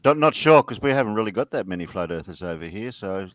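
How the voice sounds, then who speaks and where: A man with a lowish voice who talks briskly and delivers his jokes completely straight. He is heard on a video call, close to the mic with a dry sound. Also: lively intonation, dry recording. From Australia. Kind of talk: casual video-call chat.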